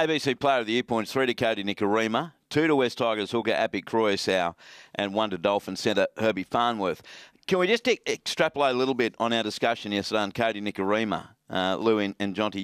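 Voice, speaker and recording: Teasing radio sports host. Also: male voice, lowish voice, smooth, no echo, studio quality. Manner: playful, teasing, animated. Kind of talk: rugby league radio discussion.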